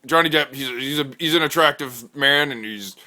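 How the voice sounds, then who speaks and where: A man voicing a group of loud, boastful macho men who boast and cheer around a table. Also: mid-range voice, normal speed, pitched above the performer's own voice. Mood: hyped. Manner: shouty, boastful, hyped.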